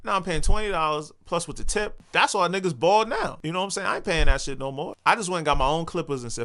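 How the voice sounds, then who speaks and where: A man's voice: a little high, animated, quick pace, few pauses, fairly bright tone. A young man, ranting bluntly and profanely in a casual talk as the show's host. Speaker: vlog host. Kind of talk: casual rant.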